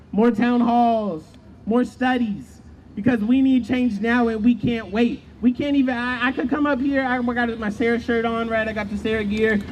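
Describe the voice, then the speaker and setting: A man delivers a fiery rally speech outdoors, hammering his points home with repeated phrases. A loud crowd and street noise fill the background. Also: very high voice, low-quality recording. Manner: fiery, rhetorical, chants with crowd. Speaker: protest speaker.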